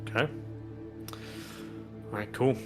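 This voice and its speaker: A man's voice: takes it slowly, music in the background. A man acting as game master, narrating a tabletop game in a casual, rambling way full of fillers.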